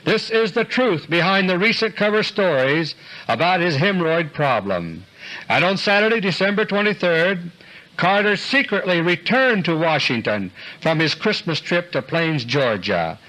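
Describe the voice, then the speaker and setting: A man delivering a scripted political commentary monologue in an earnest, deliberate way, slowing down for emphasis. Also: a little high, big pitch swings, pushed and bright, poor audio. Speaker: commentator delivering a recorded audio letter.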